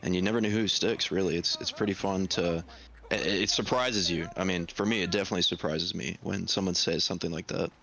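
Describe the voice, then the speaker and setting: A young adult man with a very low voice talks casually as a podcast guest. He tells his stories in a relaxed, loose way, full of fillers. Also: brisk, creaky, poor audio. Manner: relaxed, filler-heavy storytelling. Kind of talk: casual conversational chat.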